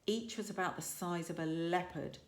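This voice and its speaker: A primary school teacher, a woman, reading a children's story aloud with lively, expressive storytelling. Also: fairly low pitch, normal speed. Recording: echoey room.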